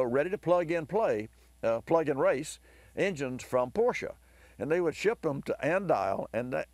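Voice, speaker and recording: A hoarse man hosting a car advice radio show, telling a long rambling story with enthusiasm. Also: mid-range voice, dry recording. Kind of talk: talk radio monologue.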